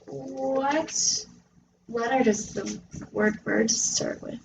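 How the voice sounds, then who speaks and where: A woman's voice: high voice, steady tone, creaky, slight background noise. Patient woman tutoring a child. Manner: patient, encouraging, sounds out letters slowly. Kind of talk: reading lesson with a young child. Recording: echoey room recording.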